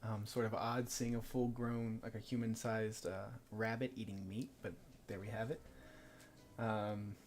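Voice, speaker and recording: A man narrating as game master of a tabletop game, talking in a halting way with many pauses. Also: lowish voice, level tone, a little hiss or hum. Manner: halting, full of fillers and restarts.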